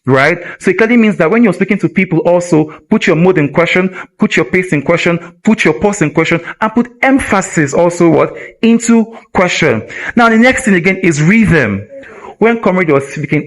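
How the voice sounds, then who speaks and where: A man with a Nigerian English accent teaching communication skills at a live event, energetic and constantly asking the audience rhetorical questions. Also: high-pitched, fairly quick. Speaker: communication trainer.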